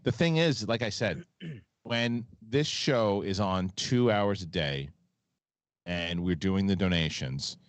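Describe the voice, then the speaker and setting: Male host, very low voice, rambling and blunt, reading viewer messages; dry close mic. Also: animated, slow pace, no echo. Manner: rambling, frank, swears casually. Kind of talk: live show chat, reading donation messages.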